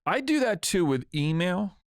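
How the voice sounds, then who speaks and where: A man's voice: high-pitched, very animated, normal speed, no room sound, clean studio sound. A man co-hosting a business podcast, chatting casually with short agreeing replies and self-deprecating jokes. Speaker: podcast co-host, insurance business owner.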